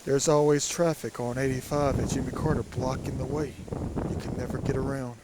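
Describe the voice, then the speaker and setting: A man with a raspy, allergy-stuffed voice, musing and rambling in a casual vlog by a creek. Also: mid-range voice, steady tone, a little fast, very noisy. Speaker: vlogger. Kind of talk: casual walking vlog monologue. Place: outdoors by a creek.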